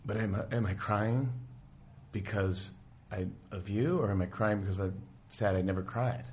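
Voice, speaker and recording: A man quoting a grieving grown son who talks haltingly and softly to his late father. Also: on the low side, a little hiss or hum, natural voice. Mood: tender.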